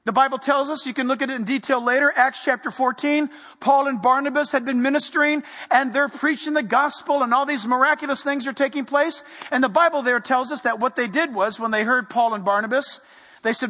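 A man preaching a sermon, animated and playful, dropping to a hush for emphasis. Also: extremely high pitch, normal speed, long reverb tail. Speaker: pastor.

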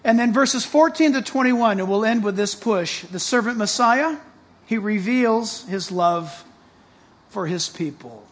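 Male pastor, very high voice, excitable sermon delivery with emphatic, shouted peaks. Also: measured pace. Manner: excitable, shifts to loud emphatic preaching.

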